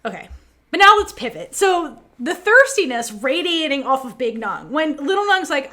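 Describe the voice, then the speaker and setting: A woman co-hosting a podcast, chatting casually and animatedly with lots of fillers as she recaps scenes. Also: high voice. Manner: animated, fast, many fillers, quotes characters. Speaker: podcast co-host.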